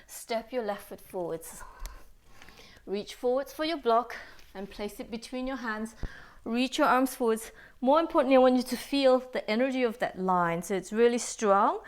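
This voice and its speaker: A woman's voice: on the high side, moderate pace. Slightly breathless woman guiding yoga. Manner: calm, steady cueing of breath and poses. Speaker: yoga teacher. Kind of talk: guided yoga class instruction.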